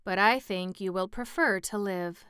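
A woman voicing a stern but gracious female sorceress ruler in a storybook reading, commanding and measured. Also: medium pitch, fairly bright tone, clean tone, dry recording, clean studio sound, natural voice.

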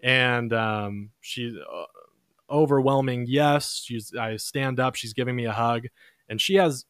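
A young man chats through a personal story in a relaxed, easygoing way. His voice sits in a middle pitch, and he recorded close to the mic in a dry room with no echo. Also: measured pace. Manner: relaxed, chatty, acts out quotes in a higher voice. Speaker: podcast host. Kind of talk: casual storytelling.

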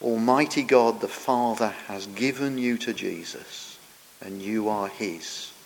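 A man preaches, explaining scripture in an earnest, teaching way. His phrases often sink quieter as they end. His voice rings out with a long reverb, as in a large church. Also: on the low side, slow, gravelly. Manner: earnest, explanatory, drops softer at the ends of phrases. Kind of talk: sermon.

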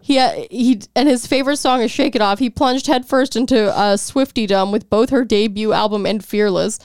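A woman's voice: on the high side, moderate pace, darkish tone, clear, resonant tone, no room sound, studio quality. A woman co-hosting a podcast in casual chat, profane and giggly, with lots of "like". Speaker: podcast co-host.

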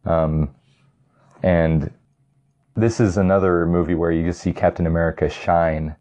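Young adult male, casual fan commentary, low mellow voice, rambling and eager, lots of "like" and "you know". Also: fairly even intonation, a little slow, highs cut off. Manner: rambling and enthusiastic, many fillers and restarts. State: getting tired. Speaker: vlogger ranking movies. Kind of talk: casual chat.

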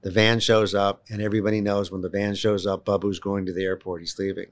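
A man telling a long personal story in conversation, animated and emphatic, often restarting his sentences. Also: on the low side, quick pace. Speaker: guest, children's home volunteer.

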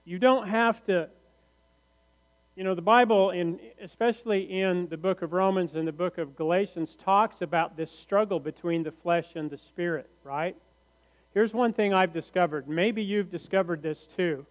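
A male pastor preaching a sermon in a church sanctuary, slow and deliberate, often posing rhetorical questions to the congregation. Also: high voice. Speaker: teaching pastor. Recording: reverberant hall, muffled lo-fi sound.

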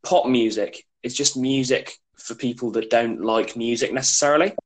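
A man's voice: medium pitch, normal speed, low-quality recording. A young man, chatting as a podcast guest, rambling and hesitant with lots of "like". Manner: rambling and hesitant, heavy use of "like". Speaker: podcast guest, skater and drummer. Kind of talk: casual chat.

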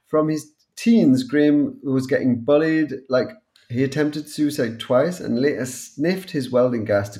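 A man from North East England with a Newcastle accent, co-hosting a casual podcast and talking in a blunt, relaxed way. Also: mid-range voice. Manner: relaxed, blunt, swears and laughs easily. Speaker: podcast co-host.

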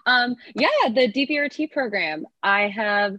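A woman from California, a fitness coach guest on a podcast, talking in a lively, upbeat way as she thinks her ideas through aloud. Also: medium pitch, unhurried, dry recording, lo-fi sound. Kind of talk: casual podcast interview.

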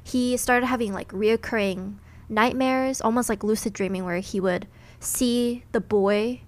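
A woman's voice: fairly high pitch, steady tone, measured pace. A young adult woman, a podcast co-host, casually retelling a ghost story in a chatty way, full of "like" and "you know.".

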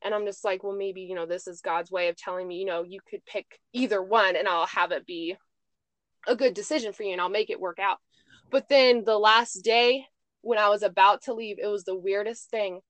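A woman's voice: mid-range voice, fairly even intonation, fairly quick, fairly bright tone, dry recording. A young woman hosting a podcast, telling a personal story in casual chat, full of "like" and "I'm just like". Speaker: podcast host.

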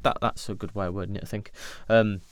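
A man's voice: fairly low pitch, level tone, fast, no echo. Candid, rambling man podcasting solo. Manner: candid, rambling, swears casually. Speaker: podcast host.

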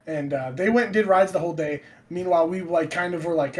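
High-voiced young man telling stories. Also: fast talker, hardly any pauses. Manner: animated, swearing, acts out quotes loudly. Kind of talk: casual storytelling chat.

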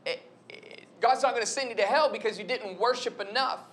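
A man's voice: extremely high pitch, fairly quick. A young adult man giving a conversational, storytelling sermon. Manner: conversational, storytelling, animated retelling. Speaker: preacher.

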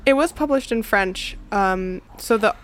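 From her home in New Jersey, a woman hosts a casual podcast conversation, chatty and laughing often, her talk full of likes and ums. Her voice is medium-pitched and a little slow.

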